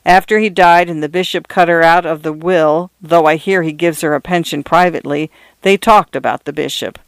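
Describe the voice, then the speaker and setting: A man's voice: on the high side, steady tone, moderate pace, gravelly, smooth, no echo. A man voicing a dry, bleak older parish priest in a read-aloud story.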